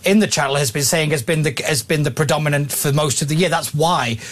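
A man with a fairly high voice argues his point hard and with feeling. He presses on, repeating words to drive each point home. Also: fast. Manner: forceful, emphatic, repeats himself when making a point. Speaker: political commentator guest. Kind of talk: heated political debate.

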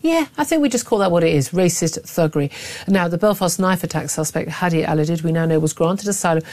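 A woman's voice: fairly low pitch, lively intonation, quick pace, a little mellow. A woman, a middle-aged talk radio host, delivering emphatic, opinionated commentary with frequent restarts.

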